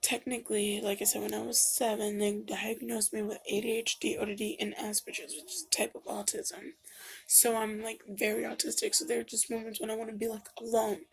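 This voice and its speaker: A woman's voice: fairly high pitch, level tone, a little fast, vocal fry, slightly rough. A woman vlogging casually at home into her camera mic, rambling with lots of fillers and getting emotional. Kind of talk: casual confessional vlog. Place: home room.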